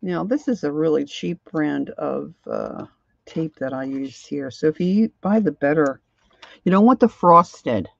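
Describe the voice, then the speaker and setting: A woman hosts a crafting livestream at a slow, easygoing pace, thinking aloud and drifting off mid-sentence as she works. Her voice comes through a slightly muffled, lo-fi recording. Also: sits low, animated, vocal fry, dry recording. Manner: rambling, thinks aloud while working, trails off. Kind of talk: casual crafting tutorial.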